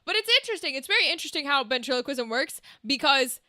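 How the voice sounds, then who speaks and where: Young woman streamer, high and very bright, brash and foul-mouthed, teasing her chat. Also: expressive, quick pace, no room sound, clean studio sound. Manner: brash, profane, teasing, laughs often. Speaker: game streamer. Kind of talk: casual chat with viewers.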